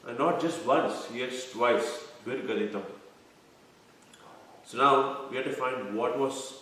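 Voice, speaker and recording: A man teaching a scripture class gives a devotional lecture, explaining terms one by one and quizzing his listeners. His mid-range voice has a sharp tone and he takes it slowly. The room is echoey and the mic is far off.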